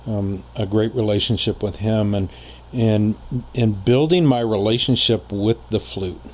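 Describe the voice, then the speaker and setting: A man with a fairly low, slightly mellow voice guests on a podcast, recounting a personal story casually and rambling with frequent pauses and fillers. There's a bit of background noise.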